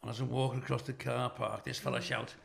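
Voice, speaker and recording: A man's voice: mid-range voice, little pitch movement, fast, creaky, a bit bright. A middle-aged man, a comedian telling stories as a guest, swearing freely and laughing along as he talks. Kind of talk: anecdotal storytelling. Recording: roomy echo.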